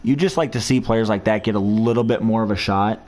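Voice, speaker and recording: A man chats his way through a football video game, rambling and reminiscing between plays. His voice sits a little low, relaxed and conversational, like a fan talking to viewers at home. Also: brisk. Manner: chatty, rambling, reminiscing about college football. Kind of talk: casual gameplay commentary.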